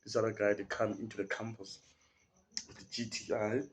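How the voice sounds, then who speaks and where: Young man, south african accent, slightly low voice, casual storytelling, slangy and animated. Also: a little fast, a little hiss or hum. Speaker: podcast guest.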